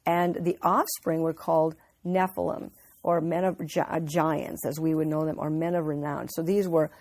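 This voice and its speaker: A woman's voice: sits low, level tone, normal speed, darkish tone, no echo. A woman giving an informal Bible teaching, telling the story earnestly with frequent restarts.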